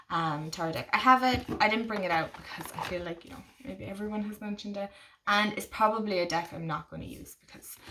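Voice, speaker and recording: A woman chatting casually on her vlog, gushing and excitable, full of fillers and restarts. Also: on the low side, distant mic, a little hiss or hum. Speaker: tarot vlogger. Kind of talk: casual chat.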